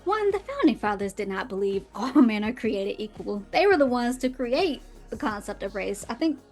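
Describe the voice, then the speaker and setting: A woman's voice: on the high side, very animated, normal speed, a little mellow, faint music behind. A woman hosting her own podcast, reading quotes aloud and answering them with sarcastic, emphatic commentary and laughs. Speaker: podcast host.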